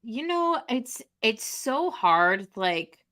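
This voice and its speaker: A woman with a bright, forward voice co-hosting a casual podcast. She speaks openly and with feeling about her own experiences, in a conversational flow. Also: on the high side, big pitch swings, very slow. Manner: candid, emotional personal sharing. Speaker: podcast co-host. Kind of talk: casual chat.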